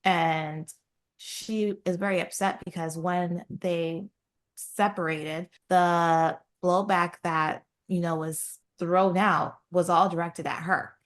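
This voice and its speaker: A woman chatting on a book podcast, recounting a love story. Her voice sits low, and she jumps up into high, squeaky tones when she quotes the characters. The delivery is casual and animated. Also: takes it slowly. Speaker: podcast co-host. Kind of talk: casual book recap chat.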